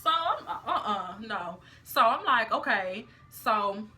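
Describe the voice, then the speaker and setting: A young woman telling a story in a casual vlog, animated and full of slang. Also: on the high side, slow, a little hiss or hum. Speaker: vlogger.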